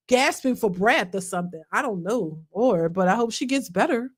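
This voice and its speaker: A woman hosting a casual live stream, telling a funny story in an animated, colloquial way and answering chat comments. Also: on the high side, moderate pace. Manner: animated, laughing, colloquial, swings from loud to hushed.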